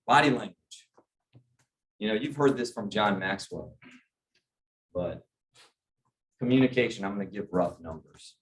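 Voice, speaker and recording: Speaking a little slowly and pausing often, this middle-aged man has a fairly low voice as he leads a group sales training. He keeps it conversational and regularly checks in with listeners through questions.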